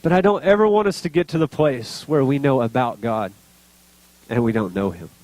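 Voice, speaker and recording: A man's voice: mid-range voice, moderate pace, darkish tone, dry recording. A man preaching a sermon as pastor, speaking earnestly and building to emotional intensity.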